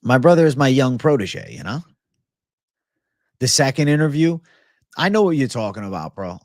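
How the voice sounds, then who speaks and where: A man's voice: medium pitch, very animated, normal speed, a little mellow, dry recording. Guy running a livestream, reads chat, swears a lot, laid-back, dry close sound. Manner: blunt, profane, laid-back. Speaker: livestream host. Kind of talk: casual livestream chat, reading viewer comments.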